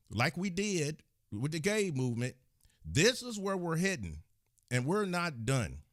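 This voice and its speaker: A man's voice: fairly high pitch, dry recording, studio quality. A man hosting his own channel, delivering a heated, indignant commentary rant and scolding his viewers as he talks. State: agitated. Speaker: channel host. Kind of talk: angry commentary rant to the camera.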